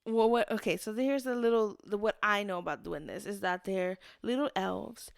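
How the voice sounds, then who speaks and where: A young adult woman co-hosts a casual podcast. She rambles through her stories, stops to restart them, and acts out what everyone said. Her voice is mid-pitched and recorded close and dry. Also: normal speed, gravelly, clean tone, no room sound. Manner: rambling storyteller, acts out quotes. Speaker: podcast co-host. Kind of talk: casual chat.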